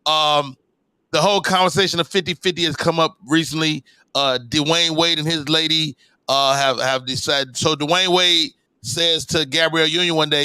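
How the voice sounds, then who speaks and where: Bright, dry-voiced male podcast host. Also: a little high, normal speed, clean tone, dry recording. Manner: animated, probing questions, profane slang. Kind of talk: casual podcast banter.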